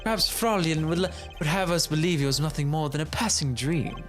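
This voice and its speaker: A man's voice: a little high, fairly quick, soft background music, natural voice. A man voicing a suave, teasing male prosecutor with a German flair in a fan game dub. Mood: smug.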